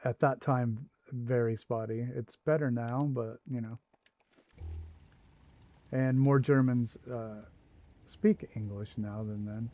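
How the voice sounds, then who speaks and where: A man's voice: medium pitch, mellow. A man hosting a livestream, telling a long casual anecdote with asides as he plays. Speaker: livestream host. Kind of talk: casual storytelling while gaming.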